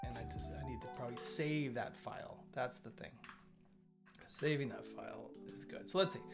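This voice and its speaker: A gravelly, medium-pitched voice at a moderate pace belongs to a man live-streaming his coding. He talks casually and works through ideas aloud, often stammering and doubling up words, with chill music faint in the background.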